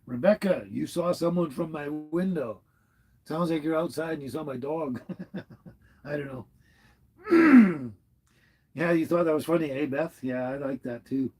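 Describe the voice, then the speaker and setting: A man's voice: a little high, lively intonation, unhurried, pauses often, husky, low-quality recording. A man hosting a casual live stream, rambling and chuckling as he answers his chat from inside his motorhome. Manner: rambling, chuckling, warmly chatty. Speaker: livestream host reading chat.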